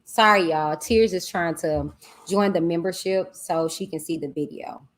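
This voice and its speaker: A woman hosting a casual livestream, chatting with viewers and reading their comments aloud. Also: on the low side. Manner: chatty, drawn-out exclamations, talks to viewers as "y'all" and "child". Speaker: livestream host.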